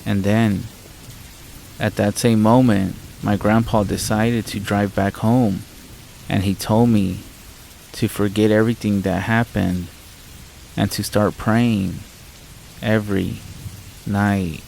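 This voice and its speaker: Male horror narrator, gravelly and low, calm scripted read over soft rain. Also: slow pace, long pauses, poor audio. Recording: faint rain noise behind voice. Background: rain sounds.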